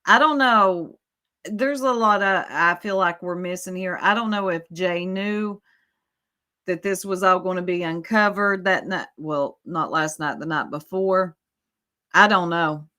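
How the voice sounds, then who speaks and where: A woman with a Southern American accent hosts a casual livestream, reacting to a clip and chatting with her viewers. Her delivery is slow and unhurried, and her pitch sits in an ordinary middle range. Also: pushed and bright. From Southern United States. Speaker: livestream host. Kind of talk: casual live-stream commentary.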